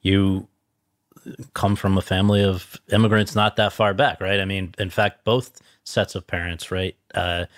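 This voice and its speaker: A man's voice: deep voice, flat delivery, a little slow, no room sound. A man hosting an interview, setting up his questions with long lead-ins. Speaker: interviewer host.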